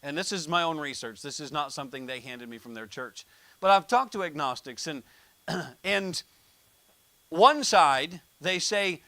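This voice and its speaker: American guy preaching, kinda high voice, dry close mic, chatty, jokes around. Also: expressive, normal speed, sharp tone, dry recording. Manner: conversational, jokey preaching with told anecdotes. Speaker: pastor. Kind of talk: sermon.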